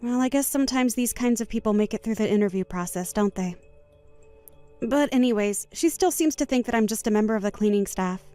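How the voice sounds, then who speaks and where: A woman voicing a calm, composed young woman wronged at a wedding, speaking in a measured, firm way in a voiced story drama. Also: on the high side, faint music behind, lightly acted.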